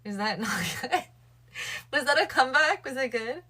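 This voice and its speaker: A woman's voice: high voice, lively intonation, normal speed, pushed and bright, husky. A woman livestreaming late at night, chatting casually with her viewers and thinking aloud. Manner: chatty, addresses her viewers and chat directly.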